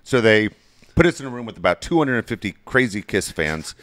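A middle-aged man co-hosting a casual father-son podcast, telling stories in an animated way, his voice jumping high when he gets excited. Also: a little fast, dry recording, clean studio sound. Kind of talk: casual storytelling chat.

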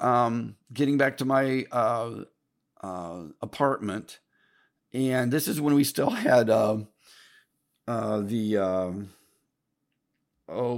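An older man telling a long personal story in a casual, rambling way, with restarts, mild swearing and repeated asides to "folks". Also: medium pitch. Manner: keeps addressing listeners as folks. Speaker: podcast host telling a story.

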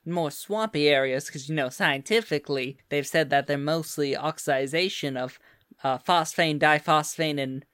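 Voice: medium pitch, normal speed, a bit bright, clean tone, no echo, lightly acted. Casting: a player doing an eager Southern belle ghost-hunter girl, Southern accent, rambling, dry close mic. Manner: chatty, rambling lecturer.

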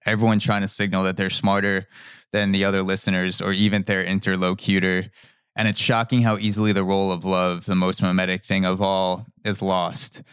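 Male podcast host, steady low delivery, dry close sound, loose rambling phrasing. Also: smooth, no echo. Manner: rambling, with frequent restarts and repeated words. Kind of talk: casual conversational interview.

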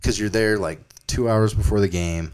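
Deep-voiced laid-back man, casual banter. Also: a little mellow, smooth. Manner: laid-back, swearing, quick laughs. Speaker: podcast co-host.

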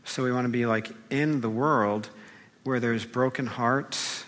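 A man gives a relaxed, conversational sermon, rambling a little with fillers as he sketches his ideas. His mid-range voice rings out with a long reverb tail, as if heard in a church hall. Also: medium pitch, measured pace. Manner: conversational, loose, many fillers, drawing while talking. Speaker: pastor. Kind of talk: informal sermon.

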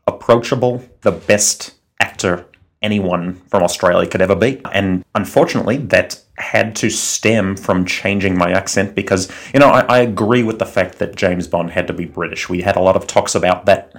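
A man's voice: low-pitched, moderate pace. A man playing a celebrity actor as the guest of a comedy sketch interview, boastful and self-assured about his own skill.

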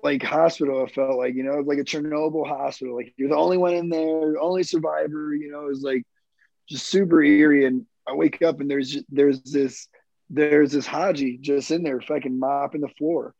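A man's voice: a little high, fairly even intonation, moderate pace, gravelly, a little mellow, dry recording. A man in his thirties, a military veteran, telling his own story in a rambling, profane, casual way with plenty of fillers. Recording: dull lo-fi dry recording.

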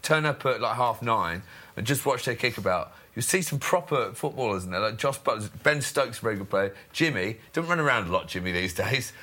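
A man's voice: mid-range voice, animated, a little fast, pushed and bright. A man telling jokey anecdotes in casual chat, laughing often. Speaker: podcast guest.

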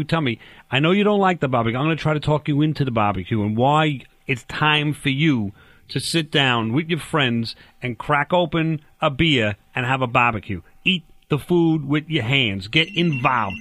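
A man's voice: a little high, fairly bright tone, no room sound. A man hosting a comedic talk radio show, rambling and pushy with his guest. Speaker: radio host.

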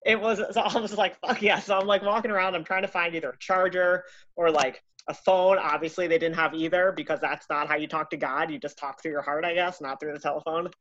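A woman telling a casual anecdote in a profane, animated, self-mocking way. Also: low-pitched, fast, muffled recording. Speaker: storyteller.

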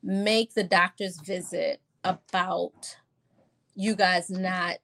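A middle-aged woman pediatrician in a casual podcast interview, chatty and quick to laugh, often acting out her talks with patients. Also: lowish voice, steady tone, gravelly, fairly bright tone. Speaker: pediatrician guest.

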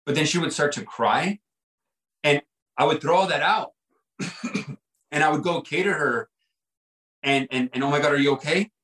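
A man's voice: a little high, measured pace, long pauses, fairly bright tone, reverberant, poor audio. A man guest on a podcast, telling a personal story in an earnest, reflective way, often repeating himself and saying "like" and "right?".

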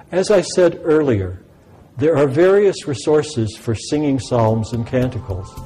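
A man teaching about sacred music in a measured, explanatory way. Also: medium pitch, warm tone, poor audio. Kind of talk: scripted lesson narration.

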